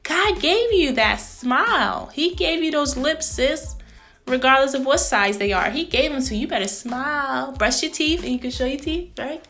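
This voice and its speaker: A woman in her thirties hosting a faith-based business podcast, speaking in a lively, preachy way and calling her listeners sis. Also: high voice, normal speed, soft background music. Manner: animated, frequent laughs, acts out greetings. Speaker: podcast host.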